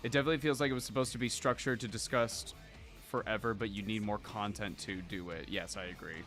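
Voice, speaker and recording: A man's voice: lowish voice, fairly even intonation, fast, a bit bright, soft background music. A man co-hosting a podcast, chatting casually and reading out viewer comments in a loose, rambling, profane way. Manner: loose, rambling and profane, with lots of "like" and "I don't know". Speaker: podcast co-host.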